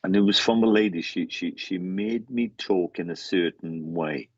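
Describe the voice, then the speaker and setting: A man working as a medium during a live reading, relaying messages in halting bursts and often repeating words as he goes. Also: low-pitched, a little mellow, husky, dry recording, lo-fi sound.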